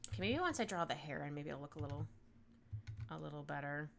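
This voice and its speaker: A woman's voice: deep voice, expressive, fast talker, vocal fry, a little hiss or hum. A woman chatting casually on a live stream while she draws, reading chat aloud, laughing often and trailing off mid-thought.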